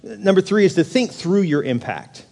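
A pastor preaching a sermon in a church, telling humorous stories and putting questions to the congregation in an animated way. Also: male voice, high voice, moderate pace. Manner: animated, humorous storytelling that asks the crowd questions. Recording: long reverb of a large hall.

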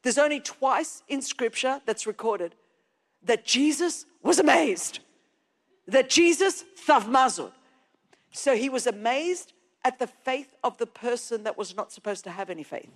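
A woman preaches a sermon in a high, bright register. She leans hard on key words and swells into shouts. Her voice rings on with a long reverb from a church hall. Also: lively intonation, measured pace. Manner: emphatic, stretching key words and rising to shouts. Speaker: pastor.

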